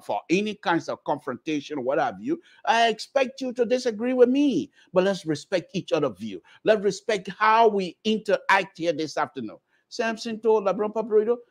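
Lively Liberian man hosting a talk show. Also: high-pitched. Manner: folksy, repetitive, preacher-like cadence. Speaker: radio talk show host. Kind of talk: opening prayer then casual monologue.

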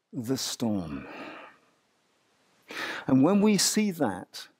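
An English male pastor preaches in a high, lively voice, taking his time with the sermon. His delivery is animated and packed with rhetorical questions.

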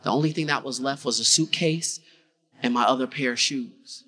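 A man's voice: medium pitch, moderate pace, sharp tone. A man giving a motivational keynote, telling his story dramatically and drawing the audience into call-and-response. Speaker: keynote speaker. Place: large conference hall. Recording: reverberant conference hall.

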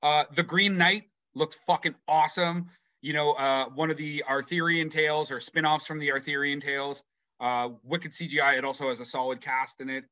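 A man co-hosting a casual movie podcast, talking in an animated and playful way with plenty of swearing. His voice sits a bit high and sounds bright and forceful. The recording is dry and close. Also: moderate pace, no room sound, dull audio. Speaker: podcast co-host. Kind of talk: casual chat.

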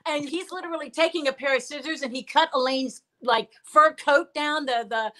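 A woman's voice: high voice, moderate pace, a bit bright. A woman and former cast member telling vivid, emphatic stories in a reunion video call.

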